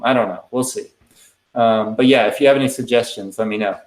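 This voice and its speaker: A man hosting a live question-and-answer stream, talking in a relaxed, rambling way with lots of ums. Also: medium pitch, quick pace, echoey room, poor audio. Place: indoors at a computer.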